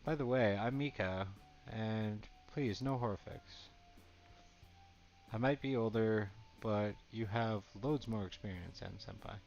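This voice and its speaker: A gushing young woman model who looks up to her coworker, voiced aloud by a man in a low, slow read. The sound is dull and lo-fi with faint game music. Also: creaky, darkish tone. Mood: eager. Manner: reading dialogue aloud plainly.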